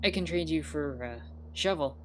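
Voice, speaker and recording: A woman voicing an easygoing, gold-loving sloth who talks in a relaxed, hesitant way. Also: deep voice, moderate pace, background noise, lightly acted. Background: guitar music.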